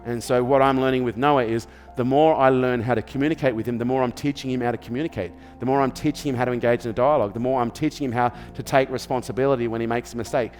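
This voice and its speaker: A man's voice: mid-range voice, steady tone, fast talker, hardly any pauses, a little mellow, long reverb tail, faint music behind. An Australian man speaks in a firm motivational style, his voice sitting in an ordinary middle register. He repeats key phrases for emphasis and keeps checking that the listener is following. It sounds like an interview where he hands out advice as a coach. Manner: emphatic, repetitive, asks "okay?" and "does this make sense?". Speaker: business coach sharing parenting advice.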